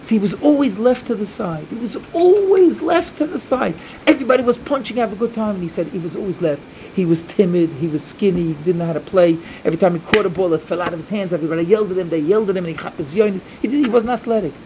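A middle-aged man giving an emphatic storytelling sermon to a yeshiva, repeating his points and swinging from loud to hushed. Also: sits high, rapid-fire, hardly any pauses, a little hiss or hum, low-quality recording. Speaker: yeshiva speaker.

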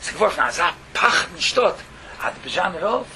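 A high-pitched male rabbi talks a little quickly through a Torah lesson full of stories, mixed-in words and sudden exclamations. Background hiss stays steady throughout.

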